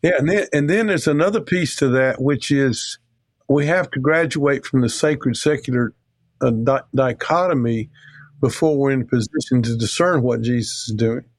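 A man's voice: mid-range voice, normal speed, no room sound. An American man, a guest theologian, talking and telling stories in an earnest, emphatic way with a close podcast mic. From United States. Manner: earnest, emphatic, rambling with restarts. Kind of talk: conversational storytelling.

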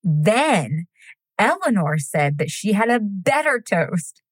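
A woman's voice: medium pitch, very animated, slow pace, no echo. A woman co-hosting a podcast, telling a true crime story in a chatty, giggly way, with casual swearing and tangents. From United States.

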